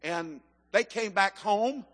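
Male preacher, high and bright, fervent, bursts into shouts; big echoing hall. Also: takes it slowly. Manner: fervent, swings into shouted emphasis. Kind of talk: sermon. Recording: echoey hall.

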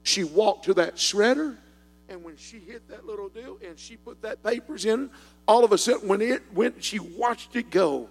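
An older man with a Southern US accent preaching a sermon in a folksy storytelling manner that builds into fervent shouting. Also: high-pitched, normal speed. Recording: long hall reverb.

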